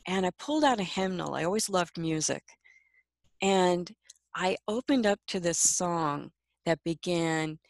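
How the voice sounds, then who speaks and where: A woman guest telling a personal story in an interview, reflective and soft-spoken, often laughing. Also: on the low side, a little slow, dry recording.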